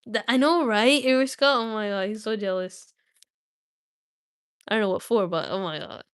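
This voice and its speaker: A woman's voice: mid-range voice, normal speed, clear, resonant tone, no room sound, studio quality. A young woman reading a book aloud on a live stream, with small slips and restarts, and chatting casually with her viewers.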